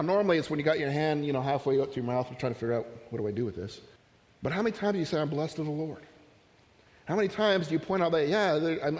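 A man's voice: on the high side, a little mellow, big-room sound. A man preaching a sermon as pastor, talking conversationally with stories and humorous asides.

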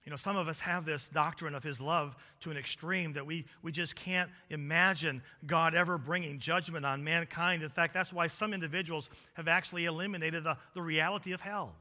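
A male preacher delivering a sermon, swinging between loud emphatic peaks and low quiet stretches in a repetitive preaching cadence. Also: steady tone, brisk, hardly any pauses. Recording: long reverb of a large hall.

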